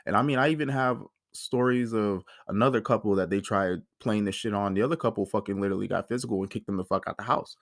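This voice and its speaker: A man's voice: on the low side, quick pace, few pauses, dry recording, clean studio sound. Heated, cursing man in his thirties. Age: 30s. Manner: heated, profane, animated storytelling. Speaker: podcast host. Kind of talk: casual personal monologue.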